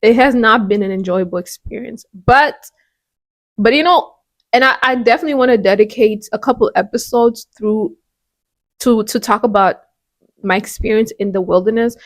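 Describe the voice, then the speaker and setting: Earnest woman with a high, dry voice. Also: moderate pace, no echo. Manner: earnest and conversational, with frequent restarts. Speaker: podcast host. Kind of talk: devotional podcast talk.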